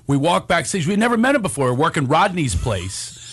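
A middle-aged man hosting a comedy podcast, excitable and laughing often. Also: on the high side, a little fast, slightly rough, dry recording. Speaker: podcast host. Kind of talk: casual comedy chat.

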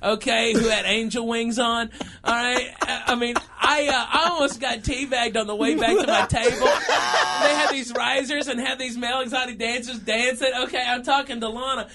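A man in his thirties telling a funny story in a casual chat, animated and laughing through his lines, often saying okay and all right. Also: extremely high pitch, normal speed, crowd noise.

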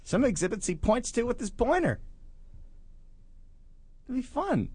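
A man's voice: extremely high pitch, measured pace, husky, no room sound. A man co-hosting a radio show, playful and goofy in casual banter and a live ad read. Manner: playful and goofy, swinging between excited and hushed. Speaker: radio co-host.

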